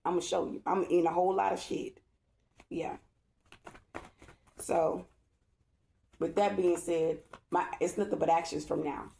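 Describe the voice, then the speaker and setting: A woman's voice: fairly low pitch, steady tone, unhurried, vocal fry, pauses often, mellow. A woman tarot reader talking to her viewers in a casual vlog, emphatic and repetitive and checking in with "okay?". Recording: echoey room.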